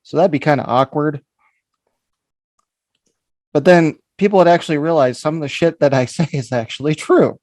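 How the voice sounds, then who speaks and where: Podcast co-host, male, slightly high voice, blunt and crude, dry close sound. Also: normal speed, pauses often, a little mellow, no echo. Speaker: podcast co-host reading the questions. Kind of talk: crude casual banter.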